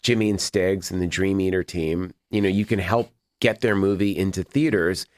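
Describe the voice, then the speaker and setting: A man's voice: sits low, steady tone, normal speed, a little mellow, no room sound, studio quality. A man from Boston, a film director as a guest, talking casually in a podcast interview and acting out what other people said as he tells his stories. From Boston, USA. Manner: rambling storyteller who acts out quoted people.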